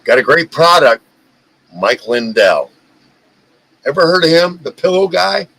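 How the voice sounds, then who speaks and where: A man hosting a casual live stream, talking in an animated, profane rant. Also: on the high side, measured pace, gravelly, rough recording. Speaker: livestream host.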